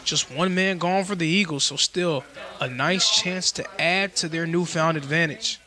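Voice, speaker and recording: A man doing live play-by-play commentary for a college baseball game, with a measured, informative delivery. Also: fairly high pitch, bright, forceful tone. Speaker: play-by-play announcer.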